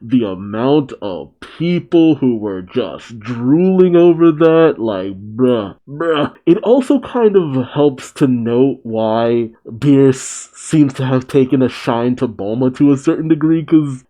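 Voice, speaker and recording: A man hosting a manga reaction, reading the story aloud and making relaxed, laughing asides. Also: mid-range voice, measured pace. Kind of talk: casual reading and commentary.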